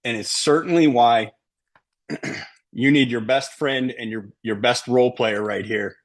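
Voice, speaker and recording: A man's voice: medium pitch, a little slow. A middle-aged man coaching a sales team, talking emphatically and often checking in with "right?". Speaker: sales trainer. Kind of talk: sales training talk to a team.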